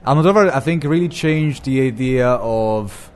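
A man's voice: medium pitch, expressive, moderate pace, a little mellow. A man co-hosting from a hot room at a film festival, chatting casually about films in a rambling, hesitant way. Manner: rambling, hesitant, many restarts and fillers.

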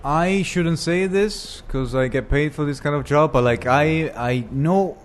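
A man's voice: on the high side, a little slow. A man co-hosting from a hot room at a film festival, chatting casually about films in a rambling, hesitant way. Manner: rambling, hesitant, many restarts and fillers.

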